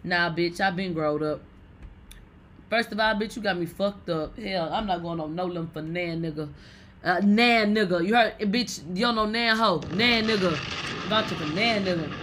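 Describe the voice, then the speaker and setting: A woman hosting a casual celebrity gossip show, blunt, profane and animated. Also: lowish voice, normal speed, slight background noise.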